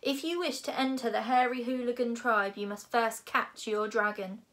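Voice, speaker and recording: A woman voicing a huge, loud male Viking drill instructor who barks orders, as a storybook reading. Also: fairly high pitch, fairly even intonation, moderate pace, close to an everyday voice. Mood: bellowing. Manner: bellowing, commanding.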